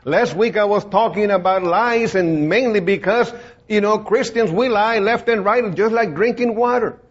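A man's voice: sits high, moderate pace, breathy edge. A man preaching an informal sermon in a plain-spoken, folksy way, rambling with many fillers and restarts. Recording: dull lo-fi recording.

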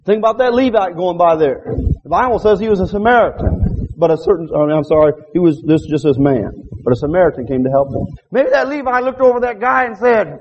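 A man's voice: sits high, animated, a little fast, a little mellow, dull audio, slight background noise. A middle-aged man preaching a sermon in a folksy way, calling out to his congregation and acting out characters in quoted asides. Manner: folksy, calls out "Huh?" to the congregation.

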